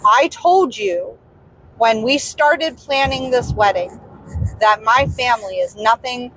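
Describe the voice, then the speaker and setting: Casting note: young woman, Southern US accent, bit higher voice, candid storyteller with animated ups and downs. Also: takes it slowly, a little hiss or hum, poor audio. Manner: candid, exasperated, animated retelling. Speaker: vlogger. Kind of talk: casual storytelling. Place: in a vehicle.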